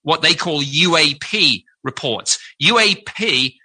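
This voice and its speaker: A man who once worked in government, explaining his point in an interview. He stumbles a little as he talks. His voice is fairly high and very sharp and bright. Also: lively intonation, slow, husky, poor audio. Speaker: former government official. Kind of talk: interview answer.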